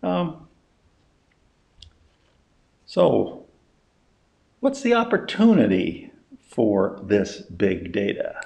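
An older man teaching a casual spoken lesson in a folksy, rambling way, pausing often and asking rhetorical questions. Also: on the low side, wildly swooping pitch, gravelly, a little mellow. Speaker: teacher of a lesson on big data.

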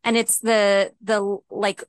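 A woman co-hosting a podcast, excitable and exclaiming, peppering casual talk with 'like'. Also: medium pitch, takes it slowly, no room sound. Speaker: podcast co-host.

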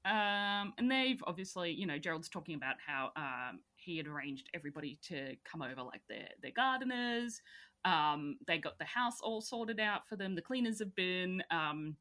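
A young woman co-hosting a casual chat, telling animated stories, laughing often and acting out quotes. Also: on the low side, normal speed. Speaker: podcast co-host.

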